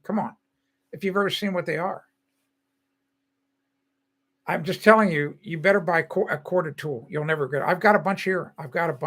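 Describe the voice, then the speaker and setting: Bright-voiced older man chatting. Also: high voice. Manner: chatty, rambling, opinionated, with many restarts. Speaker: host. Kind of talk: casual live-stream talk.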